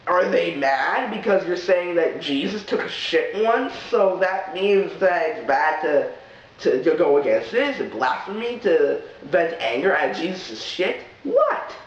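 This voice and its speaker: A man hosting a comic vlog, ranting to camera in an exasperated, animated way. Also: fairly high pitch, unhurried. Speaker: vlog host. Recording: echoey room, distant lo-fi mic.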